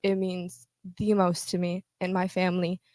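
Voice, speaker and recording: A woman's voice: on the low side, monotone, moderate pace, a little mellow, no room sound. A woman speaking at a memorial, tender and holding back tears. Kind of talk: memorial speech.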